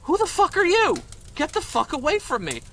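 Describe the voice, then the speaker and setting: A man voicing a furious, gaunt male rock singer who snaps back in a shrill, snarling voice. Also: huge pitch swings, moderate pace, a bit bright, slight background noise, heavily acted.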